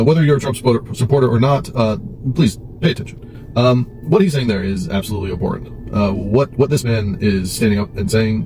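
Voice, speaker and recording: A man's voice: mid-range voice, warm tone, poor audio. A man giving heated political commentary to camera in a casual video, emphatic and full of rhetorical questions and restarts.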